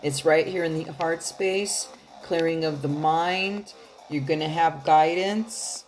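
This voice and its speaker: A woman's voice: sits low, takes it slowly, a little hiss or hum. A woman giving a casual tarot reading straight to her viewers, chatty and loose, swearing now and then and laughing often. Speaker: tarot card reader.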